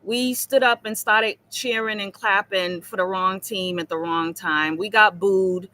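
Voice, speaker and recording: A woman's voice: medium pitch, steady tone, a little slow, bright, forceful tone. A woman from Boston with a Boston accent, talking casually on a livestream in a rambling, chatty way and swearing freely. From Boston, Massachusetts. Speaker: livestream guest.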